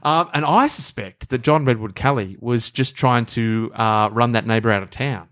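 A man's voice: medium pitch, normal speed, a bit bright. A man, co-hosting a podcast and telling a story with playful jokes. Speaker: podcast co-host. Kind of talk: casual chat.

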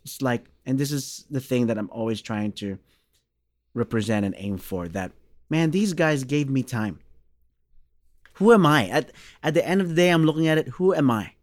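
A man in his thirties from Australia tells a long story in a relaxed interview, a bass player acting out the voices of the people in it. His pitch is mid-range, and the recording is dry and close. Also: moderate pace, no echo. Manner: animated storyteller, acts out quoted dialogue.

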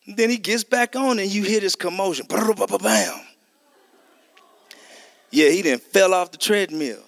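Preacher guy telling a story, fairly high voice, dry close sound. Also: normal speed, vocal fry, dry recording. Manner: animated storytelling, acts out dialogue; conversational, addresses listeners as y'all. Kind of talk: testimony sermon.

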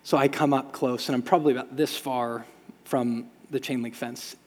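A middle-aged man preaching a sermon, telling stories with lively shouted sound effects. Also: medium pitch, moderate pace. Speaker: pastor. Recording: long hall reverb.

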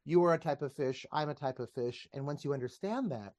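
A man who teaches, appearing as a podcast guest over a video call, explains ideas in casual, enthusiastic conversation, drifting into tangents and laughing as he goes. His voice is fairly high-pitched, brisk and a little mellow, with no echo.

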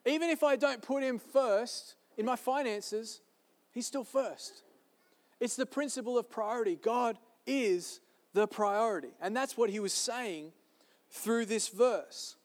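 A man's voice: very high voice, unhurried. A man preaching a sermon to a church service, emphatic and repeating his key phrases. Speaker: pastor. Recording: long reverb of a large hall.

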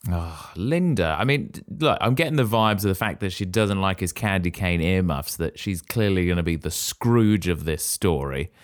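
A man's voice: low voice, lively intonation, moderate pace, few pauses. A man co-hosting a casual podcast, chatting and riffing on film references as he reacts. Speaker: podcast co-host. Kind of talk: casual chat.

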